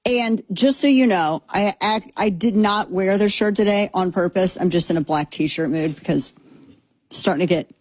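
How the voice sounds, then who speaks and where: A Texan woman in her thirties hosts a casual opinion show, speaking in a mid-range voice at a moderate pace with no echo. She's animated and sarcastic, repeating herself for emphasis. She records on a headphone mic.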